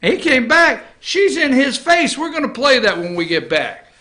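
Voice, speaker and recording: A middle-aged man hosting an opinion talk show, ranting combatively and swinging between loud and low. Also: very animated, moderate pace.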